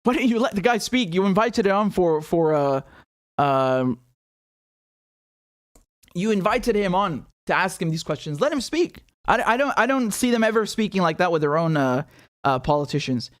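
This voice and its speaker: A man hosting a livestreamed political commentary show, ranting in an animated, exasperated way with sarcastic asides. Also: high voice, normal speed.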